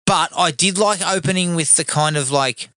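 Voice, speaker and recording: A man co-hosting a podcast, talking about a film in a relaxed, agreeable way and swearing often. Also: a little high, normal speed, no echo, studio quality. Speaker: podcast co-host. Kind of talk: casual film review chat.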